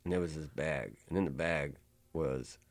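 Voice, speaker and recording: A man voicing an intense, menacing male funk star, speaking in a low, hushed, ominous tone. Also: moderate pace, no echo.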